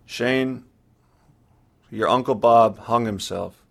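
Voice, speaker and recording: A man's voice: medium pitch, takes it slowly, gravelly. A man voicing a distraught middle-aged mother on the phone, speaking in a tearful, pleading way.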